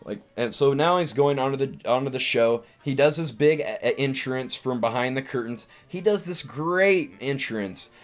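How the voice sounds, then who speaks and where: A man's voice: medium pitch, lively intonation, moderate pace, hardly any pauses. Guy streaming, just rambling about a movie, keeps restarting, says like a lot, faint guitar in the back. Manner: rambling, many restarts and "like" fillers. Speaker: live-stream host, comedian. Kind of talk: casual rambling film recap.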